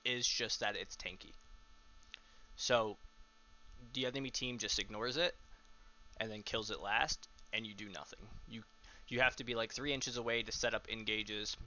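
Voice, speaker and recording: Young man, coach, very bright tense tone, dull lo-fi call audio, relaxed with frequent ums. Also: medium pitch. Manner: relaxed, frequent um fillers, explains step by step. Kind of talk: casual coaching over voice chat.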